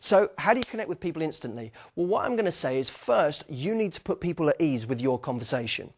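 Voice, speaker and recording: Young guy, slightly high voice, upbeat dating coach talk, acts out little chats. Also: fast. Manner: energetic, acts out sample dialogue, frequent "okay?" check-ins. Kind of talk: instructional talk to camera.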